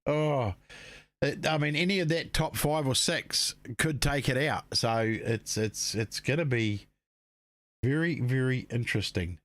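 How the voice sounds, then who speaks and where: A man runs live race commentary in a loose, chatty way, tossing in "mate" and "eh" as he goes. His voice sits at an ordinary pitch and sounds dry and close to the mic. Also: a little slow, a bit bright, no room sound. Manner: laid-back, matey, peppers talk with "mate" and "eh". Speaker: race commentator and stream host.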